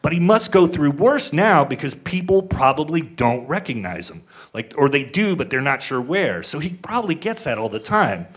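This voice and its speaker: A man's voice: a little high, big pitch swings, moderate pace, hardly any pauses, husky. A male stand-up comedian telling a story on stage, conversational and acting out the people he quotes, with audience laughter behind him.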